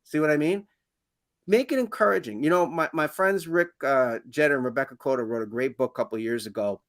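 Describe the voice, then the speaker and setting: A man guesting on a podcast interview, talking in an animated, emphatic way and jumping up in pitch to stress his points. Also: a little fast, no room sound, studio quality. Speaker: education consultant guest.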